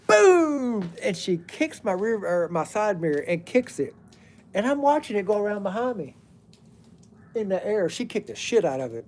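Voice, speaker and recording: A middle-aged man with a fairly high voice spins a rambling, casual story outdoors by a fire. He drifts off track to say hello to viewers and then picks the thread back up. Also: darkish tone. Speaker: plumber telling stories on a live stream.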